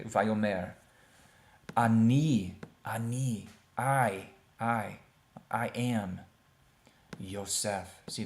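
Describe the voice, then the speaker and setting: A man teaching a beginners' Hebrew lesson over a shared screen, talking plainly and repeating words slowly for pronunciation. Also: lowish voice, gravelly. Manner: plain, conversational, thinks aloud with fillers.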